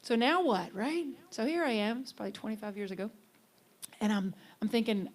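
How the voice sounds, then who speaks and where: A middle-aged woman minister giving a conversational, earnest sermon, sometimes lifting her voice for emphasis and sometimes dropping to a hush. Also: a little high, brisk. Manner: earnest, conversational, swings from bright emphasis to soft hushed lines.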